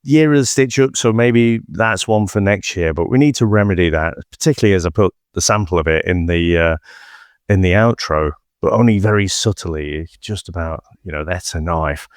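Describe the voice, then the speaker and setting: Brief low male voice, rambling podcast co-host, dry close sound. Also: normal speed, dry recording. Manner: rambling, many "you know" fillers and restarts. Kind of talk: casual film-podcast chat.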